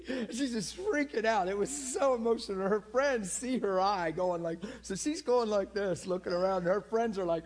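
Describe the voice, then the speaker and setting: A high-pitched man preaches a sermon full of healing stories, teasing his listeners and laughing often. His delivery is lively, moving from quiet asides to loud peaks.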